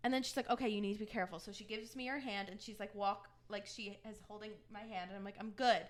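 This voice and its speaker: A young woman co-hosting a chat podcast, spinning a long anecdote. She slips into quick impressions of the people in the story, then goes back to her own relaxed, mid-pitched voice. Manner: animated storyteller who acts out quoted dialogue. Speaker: podcast co-host.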